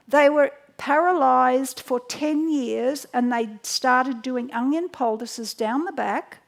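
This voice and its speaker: A middle-aged health educator teaches home remedies through chatty anecdotes, often restarting her sentences. Her high-pitched voice is gravelly, and she tells stories with animated quotes.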